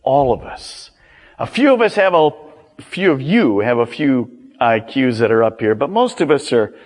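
An older man preaching a sermon as pastor, animated and acting out quoted voices. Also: medium pitch, moderate pace, in a large hall.

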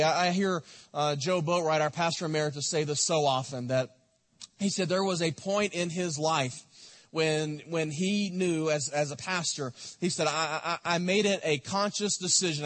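A man's voice: on the high side, fairly bright tone. A man preaching a sermon as a pastor, exhorting and repeating his points, asking the congregation questions. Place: church sanctuary. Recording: echoey hall.

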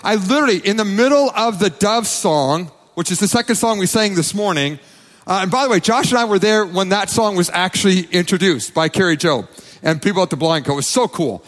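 A pastor delivers his sermon with emphatic repetition. His voice sits high for a man. Long reverb from the church hall trails after every phrase. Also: animated, fairly quick, a bit bright. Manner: emphatic, repeats phrases, quotes people in acted voices.

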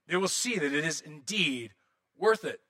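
Bright, high-voiced male pastor preaching. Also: moderate pace. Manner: animated, acts out prayers and quotes in different voices. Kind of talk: sermon.

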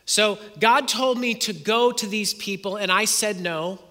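A man delivers an expository sermon in a high, bright voice. He reads scripture and retells the story in first person, pausing to ask his listeners questions. The recording carries a long hall reverb. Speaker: preacher.

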